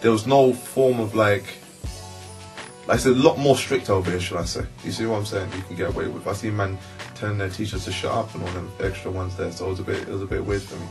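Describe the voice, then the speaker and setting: A young man with a London accent telling a story in a relaxed, slangy way. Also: fairly low pitch, fast, gravelly, over music. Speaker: interviewee. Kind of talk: casual storytelling.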